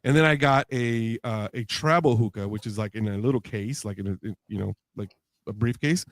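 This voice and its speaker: Animated storytelling man, dry mic. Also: on the low side, a little fast, no room sound. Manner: animated storyteller, acts out quoted voices with laughs. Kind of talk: casual podcast chat.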